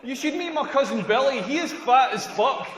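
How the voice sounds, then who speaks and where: A sardonic Scottish stand-up comic. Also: male voice, very high voice, animated, normal speed, a bit bright. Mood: deadpan jokes. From Scotland. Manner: sardonic, punchy delivery. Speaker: stand-up comedian. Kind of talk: stand-up comedy set. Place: comedy club stage. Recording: echoey hall with long reverb.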